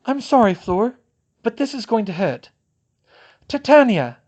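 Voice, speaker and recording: Male narrator doing a brisk, sharp-tongued young witch, raised pitch. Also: very animated, highs cut off. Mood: urgent. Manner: urgent, commanding.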